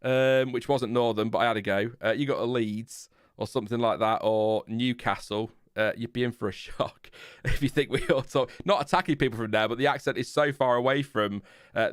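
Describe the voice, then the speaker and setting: A man with a Lincolnshire English accent hosts a live stream in loose casual chat. He talks at a middling pitch, self-mocking and quick to laugh. His voice is close and dry, with no room sound. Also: dry recording. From Lincolnshire, England. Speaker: livestream host.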